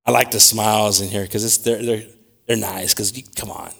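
A man preaching a sermon, swinging between loud scripture reading and quiet, repetitive asides. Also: lowish voice, fairly even intonation, normal speed, vocal fry, breathy edge. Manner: repeats words while searching for them.

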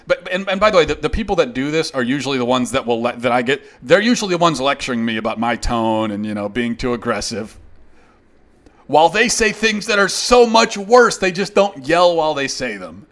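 Male host, opinion monologue; heated, emphatic, sarcastic, mid-pitched voice. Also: sing-song, brisk, a bit bright. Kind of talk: opinion monologue answering a critic.

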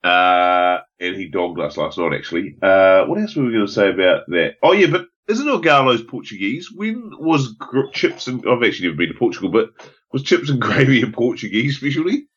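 A man's voice: on the low side, big pitch swings, fairly quick, a bit bright, husky, lo-fi sound. A man in casual chat who asks curious questions and jumps in with his own food memories.

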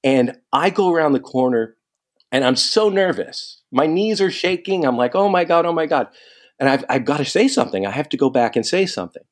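A man telling a long story in casual chat, animated and quoting people as he goes. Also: medium pitch, fairly quick. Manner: animated, quotes people in lively asides.

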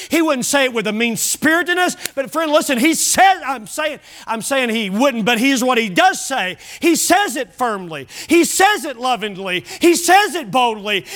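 A male pastor preaching a sermon, swinging from loud exhortation to hushed lines, with conversational asides to the congregation. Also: very high voice.

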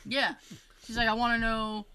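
A woman telling a story in a casual chat, animated and acting out the voices of the people in it, with frequent fillers and restarts. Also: a little high, moderate pace, low-quality recording. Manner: animated, acts out quoted voices.

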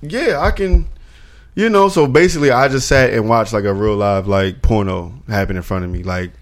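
A man's voice: on the low side, moderate pace. A young man telling a story in casual chat, acting out the people in it with shifting voices.

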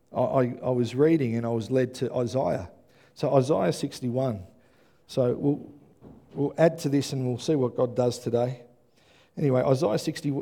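A man preaching a sermon, earnest and repeating himself, building to emphatic high peaks. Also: mellow.

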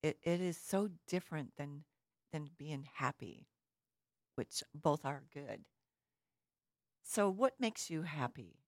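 A woman's voice: deep voice, expressive, slow, long pauses, dry recording, clean studio sound. A woman giving an earnest, reflective talk, telling a personal story and asking the listener questions.

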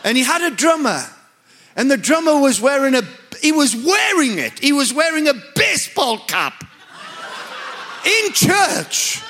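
A man's voice: very high voice, sing-song, a little slow, sharp tone. A man with a Northern English accent, a preacher telling a story in a sermon with humorous, emphatic, self-mocking delivery.

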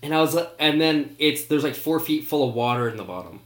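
A man's voice: fairly high pitch, lively intonation, brisk, a bit bright. A young man co-hosting a podcast, telling a story in a laid-back way and filling his talk with "like". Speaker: podcast co-host. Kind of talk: casual chat. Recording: echoey room.

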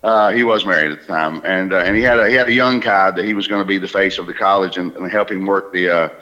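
A man with a Southern accent worn down by decades in New York, calling into a radio show as a comedian guest. His voice is bright and forceful, and he tells stories in animated bursts with quick restarts. The sound comes through a radio phone line. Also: low-pitched. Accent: Southern US, softened by New York. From Alabama. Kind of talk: phone-in radio interview, storytelling.

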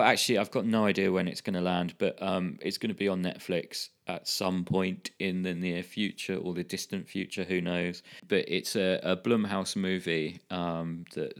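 A man co-hosting a podcast, chatting casually and enthusiastically about films, with a rambling manner and casual swearing. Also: sits low. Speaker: podcast co-host. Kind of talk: casual chat.

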